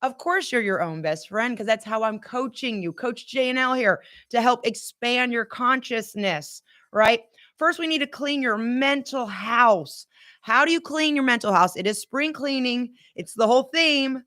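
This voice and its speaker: A woman hosting a podcast as a motivational coach, talking in an energetic, emphatic way and repeating key phrases back to her listeners. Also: on the high side, unhurried, no echo, studio quality. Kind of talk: upbeat motivational coaching talk.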